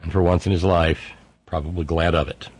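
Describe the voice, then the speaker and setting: A middle-aged radio talk show host with a low, steady voice and a breathy edge speaks fairly quickly, with no room sound. Sardonic in tone, he runs a call-in show and reads listener messages aloud in mocking voices.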